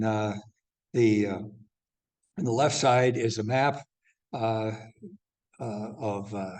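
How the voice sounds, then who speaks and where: An older man lecturing a church class, halting and rambling with many fillers and restarts. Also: medium pitch, darkish tone. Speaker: class teacher.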